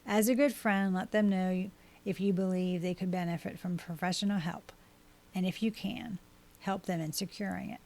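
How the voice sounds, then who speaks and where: A woman hosting a podcast, reading scripted advice in a steady, measured way as she works through a list of tips. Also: medium pitch, creaky. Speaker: podcast host and life coach.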